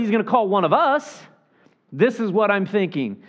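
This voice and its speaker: Animated pastor preaching a sermon. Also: male voice, high voice, a little fast, lo-fi sound. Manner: animated, acts out the people he quotes.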